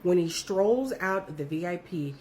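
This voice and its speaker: Woman telling a creepy story, cussing a lot, voice bouncing all over, faint hum behind. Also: moderate pace. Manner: animated, profane, jumps high when quoting others. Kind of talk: casual storytelling.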